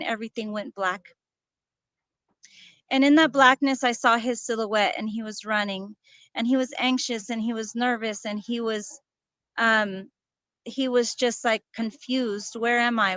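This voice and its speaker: A woman guest in a conversational interview, speaking earnestly and softly about a personal loss. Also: fairly high pitch, clean tone, no room sound. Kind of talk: casual interview, telling a personal story.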